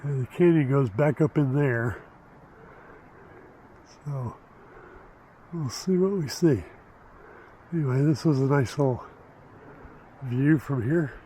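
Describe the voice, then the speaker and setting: Older male hiker, vlog host, slow and breathless, self-deprecating, outdoor camera mic with clear background noise. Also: mid-range voice, mellow. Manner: slow, unhurried, self-deprecating, with many pauses and fillers. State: out of breath from hiking. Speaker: hiking vlogger. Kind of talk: casual hiking vlog narration. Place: outdoors on a rocky desert canyon trail. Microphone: handheld or body camera mic while walking.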